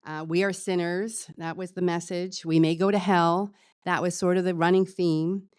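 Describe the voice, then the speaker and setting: An actress playing a funeral celebrant with new-age beliefs, speaking softly and earnestly, rambling with fillers. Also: female voice, fairly low pitch, flat delivery, normal speed, smooth, dry recording, clean studio sound, natural voice.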